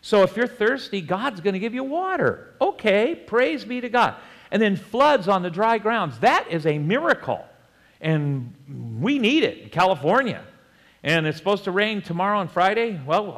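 A man preaching a sermon in a conversational way, with joking asides and chuckles and slow, deliberate scripture reading. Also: sits high, fairly bright tone, long reverb tail. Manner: reads scripture slowly and deliberately. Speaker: pastor.

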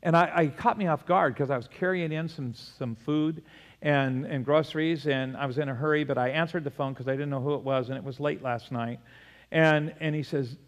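A man, a pastor preaching a sermon, animated, often laughing, his voice jumping up in pitch for emphasis. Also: normal speed. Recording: long hall reverb.

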